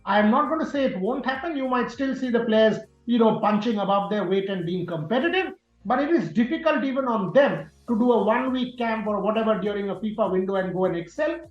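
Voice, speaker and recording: A man's voice: high-pitched, expressive, brisk, hardly any pauses. Emphatic man in a roomy recording. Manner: forceful, repeats key words for emphasis. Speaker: sports journalist guest. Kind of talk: emphatic opinionated interview answers. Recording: roomy, dull sound with faint music.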